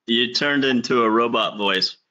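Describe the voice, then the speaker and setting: Very bright-voiced man on a lo-fi call. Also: mid-range voice, normal speed. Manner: easygoing, hesitant, apologetic with tech troubles. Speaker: webinar co-host. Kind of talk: casual call chat. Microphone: computer audio on a video call. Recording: dull lo-fi online call audio.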